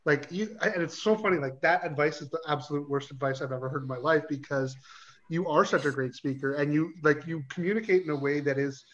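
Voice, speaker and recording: A man with a somewhat high voice, hosting a casual podcast interview. He asks questions eagerly and piles on compliments, and his voice comes through a slightly dull recording. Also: brisk. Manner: enthusiastic and complimentary. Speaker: podcast host.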